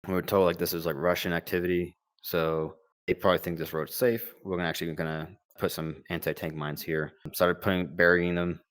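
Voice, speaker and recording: A man's voice: low voice, little pitch movement, a little fast, hardly any pauses, a bit bright, dry recording. A young man, a former Marine medic, telling war stories casually, rambling with fillers and quoted dialogue. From United States. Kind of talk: casual storytelling interview.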